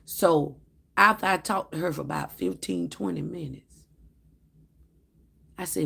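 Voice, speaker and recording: A woman telling a personal story on a casual vlog. Her voice is very gravelly and husky, and she slips into the lines of each person she quotes. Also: low voice, moderate pace. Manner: animated storytelling that acts out quoted dialogue. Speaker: vlogger.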